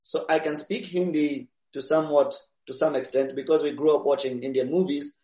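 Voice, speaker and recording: A man's voice: on the high side, fairly quick. Easygoing man in an echoey room. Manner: relaxed, hesitant with many fillers. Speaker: interview guest, DJ. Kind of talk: casual podcast interview.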